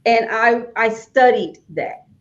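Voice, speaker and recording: Southern woman hosting, dull lo-fi audio. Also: takes it slowly. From Alabama, US. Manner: chatty, emphatic, rising to high exclamations. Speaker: host, author. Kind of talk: casual interview chat. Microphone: video call.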